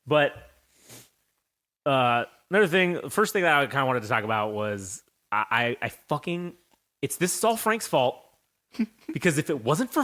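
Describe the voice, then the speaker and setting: A young man hosting a casual podcast, telling stories in a profane, animated way. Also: medium pitch, moderate pace, pauses often. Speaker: podcast host.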